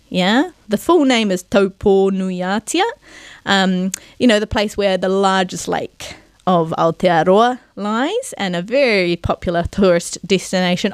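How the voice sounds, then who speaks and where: A woman presenting a televised pronunciation lesson, sounding out vowels slowly and carefully and checking in with her viewers. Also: mid-range voice, no echo. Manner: encouraging, asks "yeah?" to check in. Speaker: Māori language presenter.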